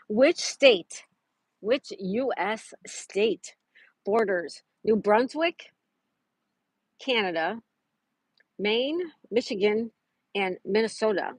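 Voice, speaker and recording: A woman's voice: medium pitch, no room sound. Chatty woman hosting a park livestream. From Florida. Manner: chatty, greets viewers by name, reads trivia aloud. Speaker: livestream host. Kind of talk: casual livestream chat. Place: outdoors in a park.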